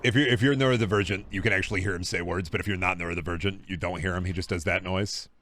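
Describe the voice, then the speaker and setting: A man's voice: low voice, rapid-fire, slight background noise. Profane, rambling young male streamer. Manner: rambling, profane, jokey, bursts of excitement. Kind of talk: casual gaming stream chat.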